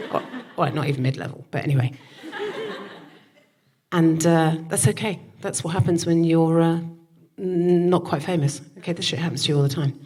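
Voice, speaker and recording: A woman's voice: sits low, husky. A woman in her forties, a comedian co-host, telling a comic story on stage in front of a live audience, swearing freely and acting out the voices of the people she quotes. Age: 40s.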